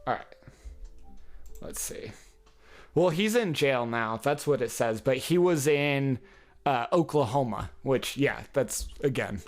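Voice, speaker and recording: A man's voice: medium pitch, lively intonation, slow pace, long pauses, soft background music. Rambling, foul-mouthed male podcaster. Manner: rambling, heavily profane, chuckles often. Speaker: podcast host. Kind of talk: casual solo podcast monologue.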